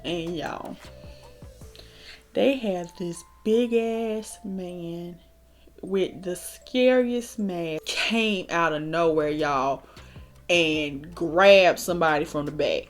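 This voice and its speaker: A woman's voice: fairly low pitch, drawn-out words, faint music behind. A young woman telling a wild storytime while doing her makeup, swearing and laughing as she goes. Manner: animated, swearing, laughing often. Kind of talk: casual storytime chat.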